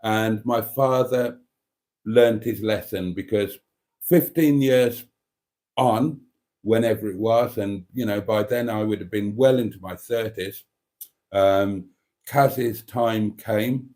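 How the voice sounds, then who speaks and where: A man's voice: lowish voice, a little mellow. A man hosting a casual live stream, rambling through a story and reading out viewer comments.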